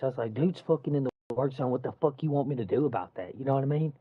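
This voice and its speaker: Man, casual storyteller, profane and animated, dull dry recording. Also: mid-range voice, fast talker, husky, no room sound. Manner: profane, animated retelling with quoted dialogue. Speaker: construction worker telling a story.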